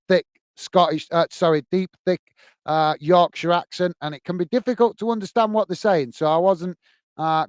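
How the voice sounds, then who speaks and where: A man's voice: on the high side, clear, resonant tone, no echo. A man hosting a live football watch-along, chatting casually between match commentary and reading viewers' messages, with rambling self-corrections and a friendly "mate" manner.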